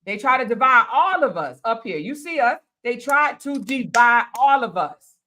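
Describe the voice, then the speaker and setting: A woman's voice: a little high, big pitch swings, normal speed, sharp tone. A woman hosting a casual group chat, talking bluntly, cursing freely and repeating phrases for emphasis. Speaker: panel host.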